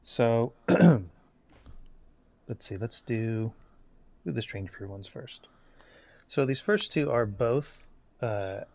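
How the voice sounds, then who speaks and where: A man co-hosting a podcast in relaxed casual chat, reading out fun facts. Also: on the low side. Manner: laid-back, reads out fun facts. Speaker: podcast co-host. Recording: dull lo-fi audio.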